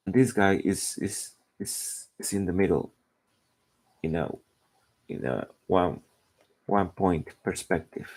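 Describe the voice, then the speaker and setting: A man's voice: low voice, slow pace, pauses often, darkish tone. A man chatting casually while drawing, rambling and searching for words. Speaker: artist narrating his drawing.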